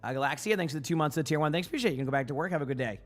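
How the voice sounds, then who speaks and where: A man's voice: a little high, rapid-fire, soft background music. A man streaming in the morning with his morning voice, chatting casually with viewers in a rambling way, stumbling and repeating words as he answers chat. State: morning voice, just woke up.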